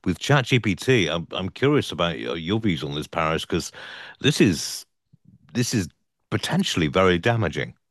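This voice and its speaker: Very deep-voiced man on a tech panel. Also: big pitch swings, moderate pace, no echo, clean studio sound. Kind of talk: casual tech news chat.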